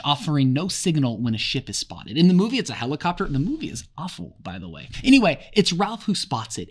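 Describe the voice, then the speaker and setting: Give me a man explaining a novel with wry jokes and a very lively, animated voice. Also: medium pitch. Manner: wry, sarcastic asides. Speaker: literature explainer for teachers and students. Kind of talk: casual book summary with jokes.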